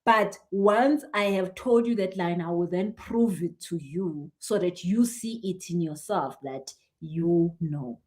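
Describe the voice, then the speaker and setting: Animated chatty woman. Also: on the low side, takes it slowly. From South Africa. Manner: animated, chatty, laughs often, acts out what people say. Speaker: spiritual healer. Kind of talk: casual live-stream chat answering viewers.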